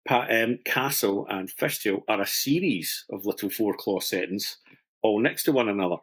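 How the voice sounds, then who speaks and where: A middle-aged man with a fairly low voice talks through a fine jewellery technique. He is chatty and self-deprecating, and often restarts his sentences as he explains. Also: moderate pace, fairly bright tone, husky. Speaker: master stone setter, podcast guest. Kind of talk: explaining a craft technique in conversation.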